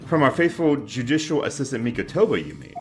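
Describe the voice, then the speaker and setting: Man reading as a confident young man, calm, dry teasing, game music behind. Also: medium pitch, quick pace, natural voice.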